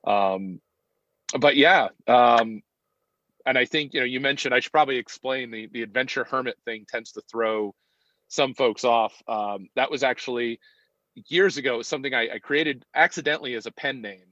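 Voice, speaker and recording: A man's voice: medium pitch, normal speed, fairly bright tone, no room sound. Fifty-something guy on a podcast, lots of ums, muffled dry audio. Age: 50s. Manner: hesitant, reflective, lots of ums and restarts. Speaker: podcast guest. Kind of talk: casual conversational interview. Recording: dull, dry sound.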